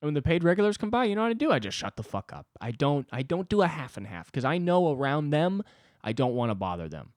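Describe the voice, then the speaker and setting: A man in his twenties hosting a solo comedy podcast, ranting in an agitated, profane way with sudden jumps in pitch. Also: sing-song, quick pace, darkish tone, dry recording, studio quality. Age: 20s. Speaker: podcast host.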